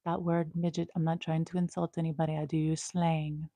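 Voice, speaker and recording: A young woman chats playfully through a casual livestream from home, her voice a little low for a woman. The sound is close and dry, caught by a small clip-on mic. She rambles easily and sometimes drops into soft murmurs. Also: flat delivery, fairly quick, dry recording. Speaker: host.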